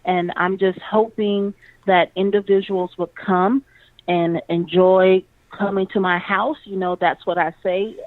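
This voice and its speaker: A woman with a Texan accent who talks slowly and easily. The recording is dry and thin, like a phone line. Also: medium pitch, level tone, no echo. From southern Texas. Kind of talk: casual chat.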